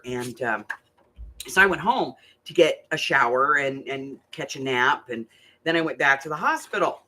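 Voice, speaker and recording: Husky older woman, crafting host, bright tone, animated and foul-mouthed storyteller. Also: extremely low pitch. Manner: animated, chatty, swears freely. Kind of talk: casual storytelling chat.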